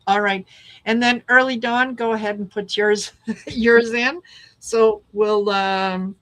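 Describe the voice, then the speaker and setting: A woman's voice: medium pitch, fairly even intonation, slow, a bit bright, poor audio. A woman hosting a live tarot reading stream, chatting casually and calling out viewers by name. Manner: friendly, calls out viewer names.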